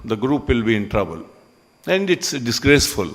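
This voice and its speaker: A man giving a ceremony speech in a hall, conversational and halting with frequent pauses. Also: medium pitch, big pitch swings, a bit bright. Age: 60s. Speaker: business owner speaking at a ceremony.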